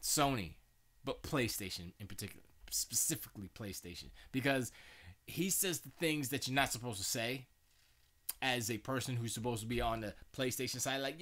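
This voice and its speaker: A man's voice: medium pitch, normal speed, a bit bright. A man hosting a live stream, chatting casually in a rambling way with many restarts and stammers.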